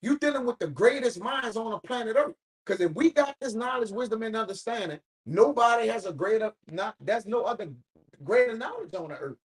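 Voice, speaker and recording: A man's voice: extremely high pitch, expressive, brisk, low-quality recording. Emphatic man leading a Bible study. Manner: emphatic, preachy, swears casually. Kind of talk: informal Bible study discussion.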